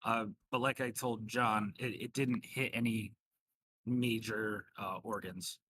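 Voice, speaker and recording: A man's voice: lowish voice, steady tone, takes it slowly, fairly bright tone, dry recording. A man narrating as game master of a tabletop game, casual and joking, with frequent fillers.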